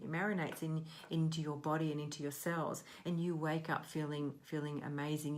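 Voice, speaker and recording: Low-voiced earnest self-help coach, woman. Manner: earnest, rambling with frequent restarts. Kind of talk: casual self-help talk.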